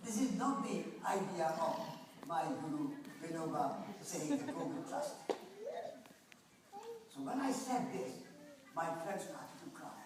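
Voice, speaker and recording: A man, telling stories in a lively way at a conference talk. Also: a little high, slow pace, pauses often, noisy background. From India. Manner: animated storyteller, often laughing. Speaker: speaker at a conference. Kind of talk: storytelling talk. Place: lecture hall. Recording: echoey hall, voice from far off.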